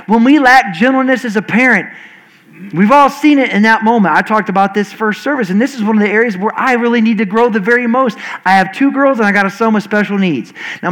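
A man in his forties preaching a sermon as a pastor, talking fast and earnestly with frequent restarts. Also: high-pitched, fairly bright tone, rough recording.

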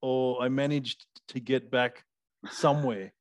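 A man's voice: mid-range voice, steady tone, a little slow, dry recording. A man co-hosting a casual podcast, telling self-deprecating stories and dad jokes. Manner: rambling, self-deprecating storyteller. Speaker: podcast co-host. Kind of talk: casual chat.

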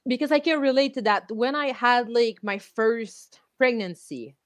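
A young woman hosting a podcast interview, telling a personal story in lively, animated bursts and acting out other people's voices along the way. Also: fairly high pitch, measured pace, no room sound. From outside the US. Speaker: podcast host. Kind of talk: casual interview chat.

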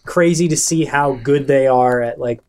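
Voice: mid-range voice, moderate pace, darkish tone. A podcast host with a mid-range voice chats in a rambling, enthusiastic way. Sentences often restart as the ideas pile up. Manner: chatty, rambling with fillers and restarts. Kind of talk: casual podcast chat.

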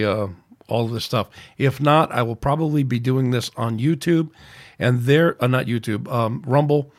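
Solo podcast host, male, mid-pitched, ranting and venting, loose and rambling. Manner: angry, ranting, rambling with restarts.

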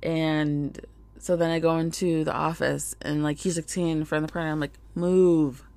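A woman's voice: sits low, flat delivery, brisk, a little mellow, no echo. A woman, a mother, chatting casually to her viewers in a rambling way, full of "like" and "you guys". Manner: rambling, filler-heavy, lots of "like" and "you guys". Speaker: mother sharing business contacts with viewers. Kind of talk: casual chat to camera.

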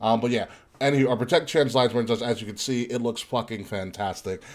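A young man co-hosting a casual podcast, easygoing and quick to laugh, making loose plugs full of "uh.". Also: mid-range voice, steady tone. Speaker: podcast co-host. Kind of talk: casual chat and merch plug.

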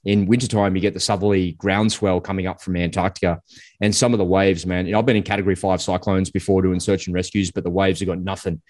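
An Australian man recalls his Navy days in a relaxed, vivid way. His voice is very low and deep, and the talk stays easygoing. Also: quick pace, dry recording, clean studio sound. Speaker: Navy veteran. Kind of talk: casual storytelling chat.

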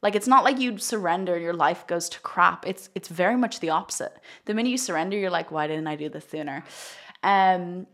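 A woman's voice: lowish voice, a little fast, hardly any pauses, a bit bright. A young woman, a spiritual coach talking casually on a live stream in an effusive, chatty way, full of fillers. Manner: chatty and effusive, heavy use of "like", frequent laughter. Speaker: spiritual coach and card reader.

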